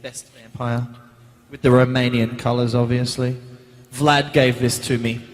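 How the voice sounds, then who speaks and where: A man, answering fan questions as a guest actor on a convention panel, chatty and animated, recorded on a handheld mic in a large hall. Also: medium pitch, measured pace. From Australia. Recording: reverberant hall.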